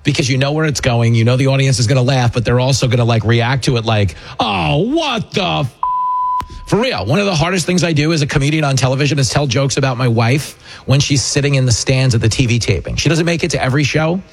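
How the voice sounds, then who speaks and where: Speaking fast at a medium pitch, a middle-aged man hosts a talk radio program. As a comedian, he pokes fun at politics with jokes and voice impressions.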